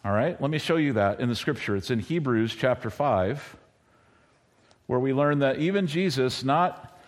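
A middle-aged man preaching a sermon in a conversational way, now and then acting out quoted lines in a higher voice. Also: moderate pace. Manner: conversational, acts out quoted lines with bursts of high pitch. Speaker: pastor.

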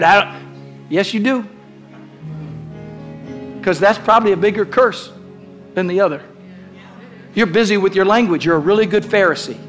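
Male preacher with a high, bright voice, exhorting a church congregation, faint music underneath. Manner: exhorting, building to shouted declarations. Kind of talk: sermon with call-and-response. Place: church sanctuary.

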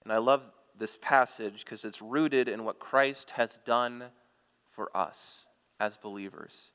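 Pastor preaching in a reverberant hall. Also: male voice, medium pitch, takes it slowly, a bit bright, smooth. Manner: reads scripture aloud with rising emphasis; asks the congregation questions. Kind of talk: sermon. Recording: long reverb of a church hall.

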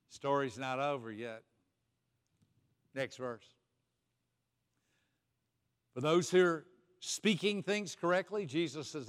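A pastor preaching a sermon, retelling scripture with lively, acted-out voices for the people in the story. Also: male voice, fairly high pitch, measured pace, pauses often, in a large hall.

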